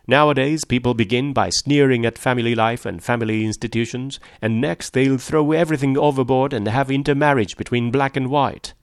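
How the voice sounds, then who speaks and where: A man's voice: medium pitch, lively intonation, brisk, dry recording, clean studio sound, voice pushed up, lightly acted. A man reading a story aloud, voicing an arrogant, indignant wealthy husband in a raised, sneering voice. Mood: scornful.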